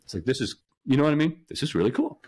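A young man from Colorado, a guest telling how he met his wife in an animated, casual way, often checking in with "okay?". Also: medium pitch, rapid-fire, slightly rough. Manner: animated, keeps asking "okay?". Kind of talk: casual storytelling.

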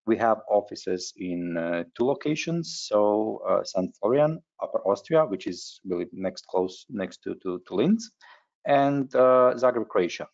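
Low-voiced man hosting a webinar, halting. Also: animated, gravelly, darkish tone. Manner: halting, frequent hesitations. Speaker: webinar host. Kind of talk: webinar presentation. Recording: dull lo-fi webinar audio.

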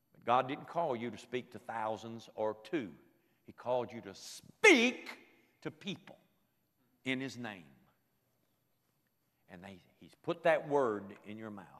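An older man preaching a sermon at a camp meeting, moving emotionally between quiet reflection and loud, fervent exhortation. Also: mid-range voice. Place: large hall at a church camp meeting. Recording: reverberant hall.

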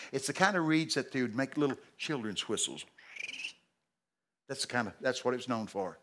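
Older man, Texan drawl, preacher, folksy sermon, sudden loud bursts. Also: medium pitch, animated, normal speed. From Texas. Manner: folksy and emphatic, with sudden shouted exclamations.

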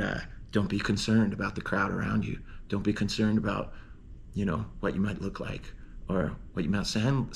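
A man with a low, gravelly voice recounts a personal experience in a loose, rambling way. He keeps circling back with "like" and restarts, earnest and encouraging toward his listeners. Faint ambient noise sits under the recording. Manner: heartfelt, encouraging. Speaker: snowboarder sharing a personal story. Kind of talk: casual storytelling monologue.

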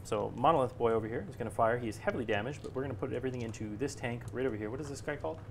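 A man's voice: mid-range voice, very fast, vocal fry, slight background noise. A man playing in a live tabletop wargame stream, thinking aloud as he tallies shots, hits and damage with many small hesitations. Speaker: guest player. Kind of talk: casual play-by-play of a tabletop wargame.

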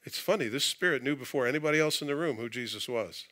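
A pastor giving a conversational sermon in a church, mixing scripture reading with casual asides and jokes. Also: male voice, mid-range voice, quick pace, pushed and bright. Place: church sanctuary.

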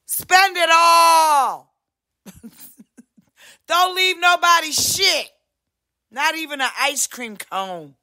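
Brash, foul-mouthed woman with a bright voice. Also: on the high side. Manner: profane, brash, swings loud and soft, voices other people mid-rant. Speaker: podcast host. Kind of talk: unscripted monologue rant.

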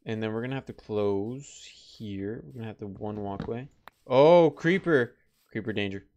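A man commentating on his own survival game, chatty and easily startled, jumping into high yelps when danger shows up. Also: normal speed, muffled recording. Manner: chatty, excitable, breaks into high-pitched yelps. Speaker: gameplay let's player. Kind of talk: casual gameplay commentary.

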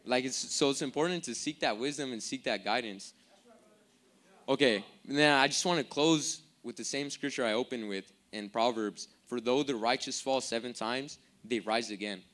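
A man's voice: medium pitch, moderate pace, a bit bright. A young man preaching a sermon in a casual, rambling way, full of fillers. He asks the crowd to call words back to him.

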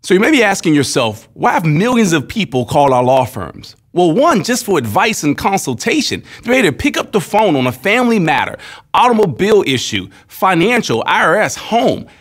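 A man's voice: high-pitched, sing-song, a little fast. Man telling a personal story, earnest and direct. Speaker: company spokesman. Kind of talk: promotional testimonial talk.

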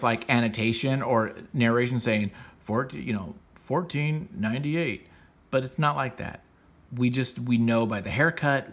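A man hosting a comics podcast, casually retelling a story in a loose, rambling way full of fillers and self-corrections. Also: medium pitch.

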